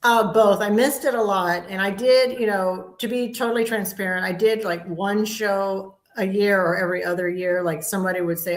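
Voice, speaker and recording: A woman's voice: medium pitch, steady tone, moderate pace, few pauses, reverberant. A woman in her fifties, a comedian guest telling candid stories in a casual interview chat. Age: 50s. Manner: candid, storytelling, upbeat.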